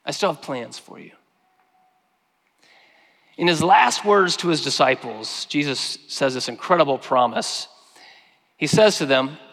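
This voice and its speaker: Male pastor, somewhat high voice, earnest sermon delivery that hushes on scripture, church-hall echo. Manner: earnest preaching, slowing and softening on quoted scripture. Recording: long hall reverb.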